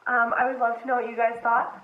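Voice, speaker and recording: A woman reading a children's story aloud at home in a gentle, unhurried way, then chatting to her listeners. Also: fairly high pitch, flat delivery. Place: home, dogs nearby. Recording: echoey, tinny phone-like sound.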